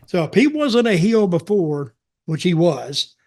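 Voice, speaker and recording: A man's voice: sits high, sing-song, a little slow, a little mellow. An older man, hosting a podcast and telling wrestling stories in a folksy, rambling way. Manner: rambling, folksy, repeats himself. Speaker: podcast host, wrestling veteran. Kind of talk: casual storytelling chat.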